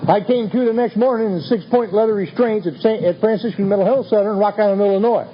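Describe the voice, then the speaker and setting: Here the man's voice sits high and he talks fast against a noisy background. He jokes wryly at his own expense in a folksy account of his recovery, told to a meeting. The audio is dull and lo-fi with a faint ambience.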